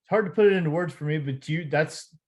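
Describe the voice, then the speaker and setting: A man co-hosting a sports podcast, speaking in a halting way with many fillers. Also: a little high, darkish tone. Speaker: sports podcast co-host and broadcaster. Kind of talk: casual chat.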